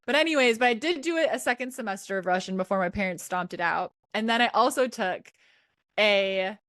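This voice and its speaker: A woman's voice: mid-range voice, fairly quick, no echo, studio quality. A woman in her thirties hosting a podcast, telling stories in a chatty, giggly way over a video call. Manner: chatty storyteller, animated quoting, giggly. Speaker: podcast host. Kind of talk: casual chat.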